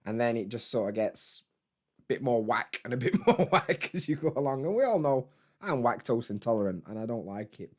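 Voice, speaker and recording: A man's voice: medium pitch, big pitch swings, a little fast, darkish tone. Laid-back man streaming. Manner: laid-back, rambling, swears freely. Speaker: YouTuber hosting a live stream. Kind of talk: casual live-stream chat reading comments.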